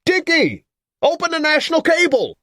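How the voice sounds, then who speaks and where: A male narrator voicing an excitable, businesslike male newsroom man who gets loud and high. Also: moderate pace, no room sound, clean studio sound. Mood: excited.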